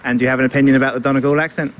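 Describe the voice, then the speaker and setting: A man reporting on the street, asking passers-by quick questions. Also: mid-range voice, little pitch movement, fairly bright tone. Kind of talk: vox pop questions. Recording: faint outdoor noise.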